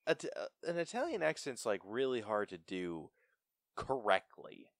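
Animated young man reviewing a film. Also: mid-range voice, moderate pace, dry recording, clean studio sound. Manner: animated, stumbles and laughs often. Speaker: podcast co-host. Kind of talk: casual film review chat.

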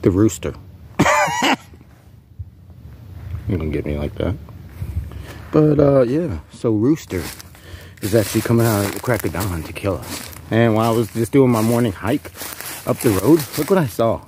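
A man's voice: lowish voice, big pitch swings, moderate pace, warm tone, slight background noise. A man vlogging an in-character rant, rambling, profane and taunting an unseen rival.

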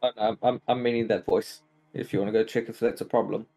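A man playing a tabletop game, talking loudly and in a hurry. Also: fairly low pitch, level tone, fast talker. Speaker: player.

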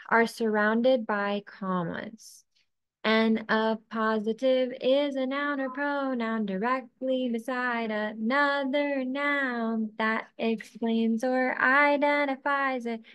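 A woman narrating a scripted lesson, speaking slowly and enunciating each drill word carefully. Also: on the high side.

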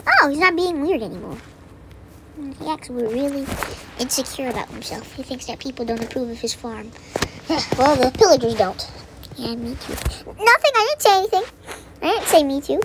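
A woman with a high, bouncy voice talks her way through a video game in a loose, playful ramble. She repeats words to herself and slips into quiet whispered asides. Clear background noise sits under the recording. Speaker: gameplay commentator. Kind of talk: casual let's-play commentary.

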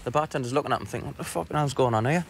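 A man's voice: mid-range voice, very fast, creaky, pitched above the performer's own voice, lightly acted. A man voicing a cocky, joking young soldier in a fan dub. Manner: lively, swearing, jokey. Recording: noisy background.

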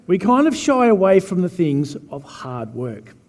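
A man's voice: high voice, very animated, normal speed, few pauses, darkish tone. A man preaching a chatty, joking sermon as pastor. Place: church hall. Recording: reverberant church hall.

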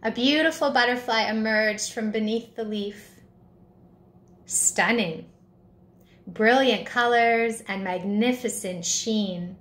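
Slow, gentle woman reading a children's story. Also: medium pitch, fairly even intonation. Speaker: narrator.

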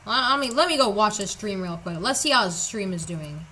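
A woman's voice: medium pitch, expressive, fairly quick, hardly any pauses, sharp tone, a little hiss or hum, low-quality recording. A young woman streaming a building game, jumpy and joking, cutting in with slangy, self-mocking asides. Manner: slangy, casual. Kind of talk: live gameplay commentary.

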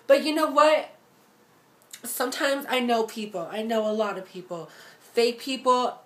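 A woman's voice: fairly high pitch, a little slow. A young adult woman ranting to the camera in a casual vlog, sassy and profane, talking straight to her viewers and mocking other people's voices. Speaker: vlogger.

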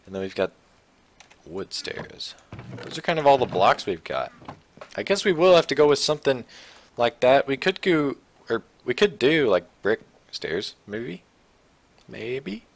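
A young man talking casually while playing a building game, rambling and restarting his sentences, low-key with sudden excited outbursts. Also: moderate pace. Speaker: gaming channel host. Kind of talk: casual Minecraft let's play commentary.

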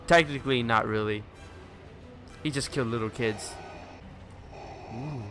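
A man giving casual, excitable commentary while playing a video game, swearing and yelling out his attack moves. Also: medium pitch, measured pace. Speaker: let's play commentator. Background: loud game music.

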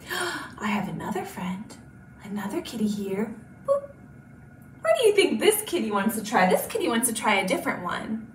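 A woman children's librarian leads a storytime activity with exaggerated gasps and slow, careful speech for small children. Her high voice leaps around its range. The recording is roomy and distant. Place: library room. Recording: roomy and distant, faint hiss.

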